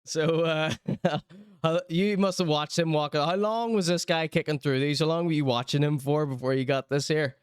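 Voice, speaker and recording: A man's voice: a little high, steady tone, moderate pace, smooth, no echo, clean studio sound. A man hosting a podcast, chatting casually and laughing often while he comments on clips. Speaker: podcast host.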